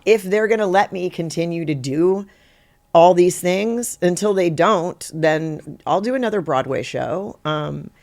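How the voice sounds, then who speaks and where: A middle-aged woman, an actor guest on a podcast, telling stories in a lively, conversational way and acting out the quotes in them. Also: lowish voice, a little slow. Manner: animated, acts out quotes in her story, laughs easily. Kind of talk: conversational interview storytelling.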